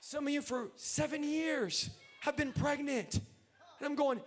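A man in his twenties, an evangelist preaching a sermon, swinging from quiet joking asides to shouted preaching. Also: very high voice, slow. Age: 20s.

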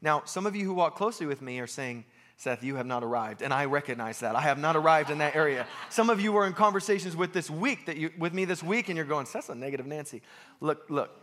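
A young American pastor preaching a sermon, lively and self-deprecating, repeating phrases for emphasis. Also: male voice, a little high, fast talker.

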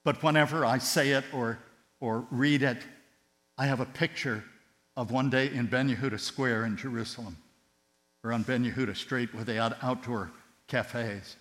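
A man preaching a sermon with passion, his voice surging loud on key words and then dropping to a hush. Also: medium pitch, fairly even intonation, normal speed. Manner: impassioned, swinging between loud emphatic rises and hushed tender drops. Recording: long hall reverb with mains hum.

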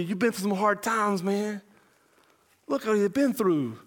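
A man, a pastor and father, preaching an impassioned verse-by-verse sermon, shouting much of it and then dropping to a low voice. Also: a little slow. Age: young adult or middle-aged parent.

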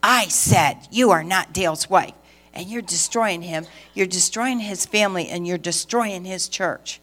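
A woman voicing a hostile, accusing church woman who speaks slowly and coldly. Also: on the low side, fairly bright tone.

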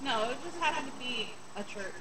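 A woman's voice: high-pitched, lively intonation, a little fast, background noise. Woman chatting a bit far from the mic, echoey room, practical tone. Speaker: co-host. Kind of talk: casual chat.

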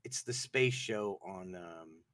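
A man's voice: sits low, slow, no echo, studio quality. A man from the Southern US with a Southern accent, co-hosting a casual comedic chat and acting out silly voices. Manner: animated, jokey, acts out voices. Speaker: podcast co-host.

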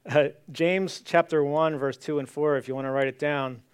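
Earnest male preacher, smooth voice. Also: on the high side, steady tone, normal speed. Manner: earnest, reads scripture aloud then repeats it. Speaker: pastor. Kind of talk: sermon.

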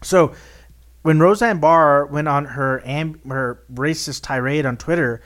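A man co-hosting a podcast, chatting casually with wry asides and halting, self-correcting explanations. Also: on the high side, a bit bright. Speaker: podcast co-host. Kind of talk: casual chat.

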